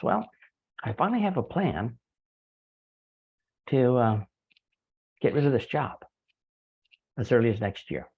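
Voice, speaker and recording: A man's voice: on the low side, breathy edge, lo-fi sound. A man giving a recorded sales training talk, folksy and chatty, acting out little sample conversations. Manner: folksy, acts out little dialogues.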